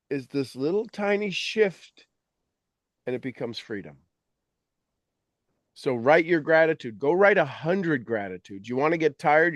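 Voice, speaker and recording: A man talking as a mentor, coaching his audience in an animated, teasing way and acting out their complaints in quoted voices. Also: fairly high pitch, no room sound, studio quality. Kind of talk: motivational coaching talk.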